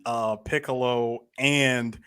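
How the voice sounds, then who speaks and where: A man's voice: mid-range voice, steady tone, slow pace, a bit bright, smooth. A man co-hosting a podcast, talking emphatically and repeating himself to cut in. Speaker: podcast co-host. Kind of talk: casual chat.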